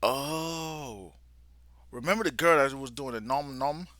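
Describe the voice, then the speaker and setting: A man's voice: mid-range voice, slow pace, sharp tone, no echo. A man giving a live reaction to a comic, retelling it in casual slang and sometimes sinking to a near-whisper. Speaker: vlogger reacting live to a manga.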